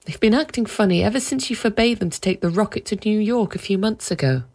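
A woman voicing an anxious middle-aged mother in a storybook reading, a little higher than her own voice. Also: fast, a little mellow, natural voice. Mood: uneasy.

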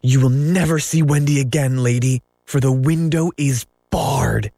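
A man's voice: mid-range voice, lively intonation, measured pace, dark tone, breathy edge, dry recording, studio quality. A man voicing a proud, defiant boy who never grows up, boastful and sneering in a storybook reading.

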